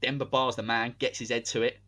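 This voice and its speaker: A man co-hosting a podcast, telling a made-up sports story in animated, commentary-like casual chat. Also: medium pitch, a little fast. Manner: animated, spins a hypothetical tale like match commentary. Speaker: podcast co-host.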